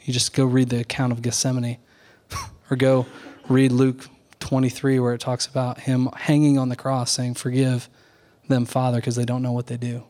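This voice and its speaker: A middle-aged male pastor delivering a Sunday sermon in a church. He speaks earnestly and deliberately, slowing down to lean on the words he wants to stress. His pitch sits at an ordinary middle level for a man. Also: monotone, darkish tone. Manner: earnest, measured preaching with slow deliberate emphasis.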